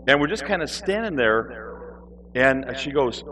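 Animated man preaching a sermon story. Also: mid-range voice, unhurried, crowd noise, low-quality recording. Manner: animated, mimics his own whining.

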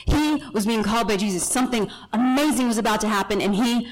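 A woman's voice: on the high side, fast talker, a little hiss or hum, poor audio. A woman teaching a Bible passage in a chatty, storytelling way, correcting herself in passing and acting out the people in the story. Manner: chatty asides and self-corrections.

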